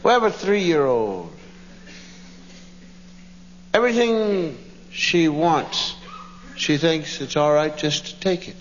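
Performing stand-up on a stage before a laughing audience, a comedian tells family stories, acting out his wife's and children's voices, squealing child impressions included. His voice is a little high and animated, and he takes it slowly with frequent pauses. It's a dull live recording in a hall, with ambient noise.

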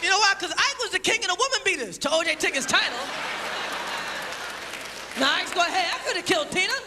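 Loud high-voiced stand-up comic man. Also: animated, fairly quick. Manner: loud, profane, shouting punchlines. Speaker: stand-up comedian. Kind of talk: stand-up comedy routine. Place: live comedy venue with audience. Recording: loud crowd and noisy live recording. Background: crowd laughing.

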